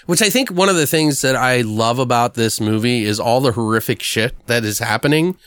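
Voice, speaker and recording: A man's voice: medium pitch, fairly quick, fairly bright tone, clear, resonant tone, no echo, clean studio sound. A man hosting a casual horror film podcast, rambling through a story and swearing freely. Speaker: horror movie podcast host. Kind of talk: casual chat, film review.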